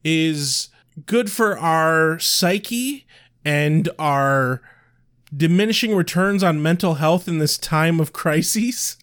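A man co-hosting a podcast in casual chat, measured and wry, sometimes rambling. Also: fairly high pitch, a bit bright, smooth. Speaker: podcast co-host.

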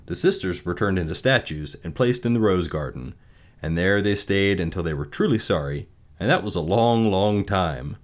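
A man reading a fairy tale aloud and then reflecting on its lessons, in a measured, gentle way. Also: low voice. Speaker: storyteller.

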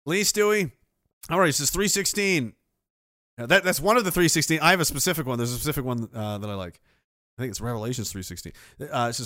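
A man's voice: mid-range voice, fast talker, pushed and bright, no room sound, clean studio sound. A man from Canada hosting a livestream. He reads viewer donations and rants in a sarcastic, rambling way, laughing often. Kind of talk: casual rant and chat. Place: indoors.

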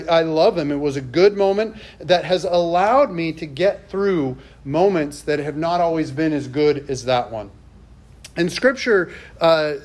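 Pastor, man, middle-aged, chatty storytelling sermon in church, slightly high voice. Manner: conversational and storytelling, with self-deprecating asides.

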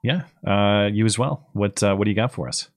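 A man hosting a live call-in show, talking casually with some halting restarts. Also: fairly low pitch, no echo, clean studio sound.

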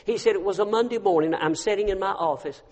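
A man preaches a storytelling sermon. He drops to a hush, then rises to a loud cry. His voice rings with the long reverb of a big church hall. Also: high-pitched, fast talker. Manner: storytelling, swinging from hushed to loud. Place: church sanctuary.

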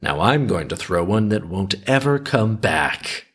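A man's voice: on the low side, big pitch swings, unhurried, a bit bright, husky, full character voice. A man voicing a boastful, cunning little tailor in a folk tale, speaking in a smug, bragging way.

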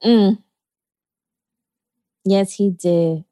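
A woman, co-hosting a casual chat, slow and emphatic and quick to laugh. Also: mid-range voice, warm tone.

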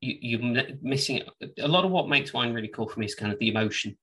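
A man's voice: mid-range voice, expressive, fast talker, pushed and bright, recorded from a distance, poor audio. A man co-hosting a casual wine podcast, telling rambling, self-deprecating stories. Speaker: podcast co-host, wine trade. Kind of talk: casual chat.

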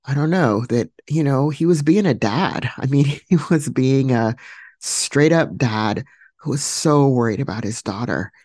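A woman hosting a podcast, telling a personal story alone in a reflective, heartfelt way, pausing to search for words. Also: very deep voice, darkish tone, no room sound, clean studio sound. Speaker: podcast host.

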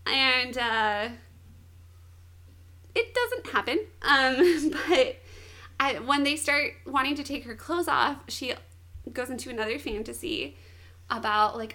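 Chatty woman telling a story all animated, giggles a lot, voice on the higher side. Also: a little slow. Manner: animated retelling, laughs often. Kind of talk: casual chat.

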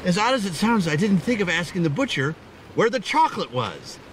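An exasperated suburban husband. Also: male voice, sits high, sing-song, a little fast. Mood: defensive. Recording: film audio with rain noise.

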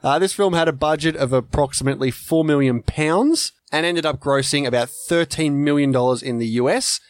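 A man's voice: on the high side, brisk, no room sound. A young man, co-hosting a film podcast, chatting and reading out film trivia. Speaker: podcast co-host. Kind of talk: casual chat.

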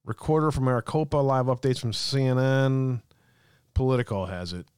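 A man hosting a live stream, chatting with viewers in a loose, joking way and laughing often. His voice is smooth and resonant. The sound is dry and close to the mic. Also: mid-range voice, normal speed, a little mellow, no echo. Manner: chatty, reads chat aloud, laughs often. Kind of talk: casual live-stream chat.

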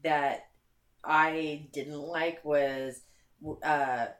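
A man chatting casually about movies, speaking softly with brief reactions. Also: a little high, level tone, drawn-out words.

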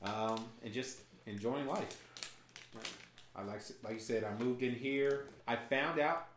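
A man's voice: medium pitch, unhurried. A man hosting a podcast in casual banter, joking and laughing often. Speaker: podcast host. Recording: roomy echo, faint noise.

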